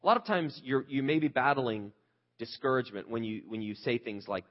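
A man's voice: mid-range voice, a little fast. Man, pastor, conversational sermon, candid, rhetorical questions, muffled lo-fi sound. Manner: earnest, candid, asks the listeners rhetorical questions.

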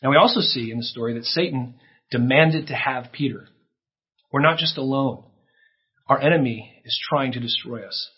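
A man's voice: medium pitch, moderate pace, breathy edge, highs cut off. A man preaching a sermon in an earnest way, his voice rising for emphasis, with a few restarts. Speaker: pastor.

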